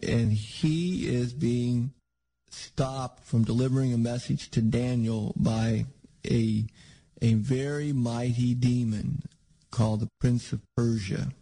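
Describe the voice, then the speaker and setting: A man's voice: mid-range voice, fairly even intonation, slow, mellow, rough recording. A man preaching a sermon in a conversational, rambling way with frequent restarts.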